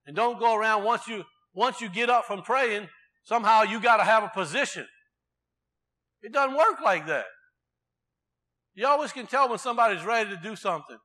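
Bright high-voiced man preaching. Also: lively intonation, normal speed, long pauses. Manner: conversational preaching with rhetorical questions to the congregation. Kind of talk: sermon.

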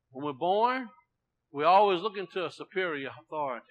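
A man preaching a sermon, swinging between loud proclaiming and quiet, low asides, often repeating himself. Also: expressive, fairly quick, rough recording.

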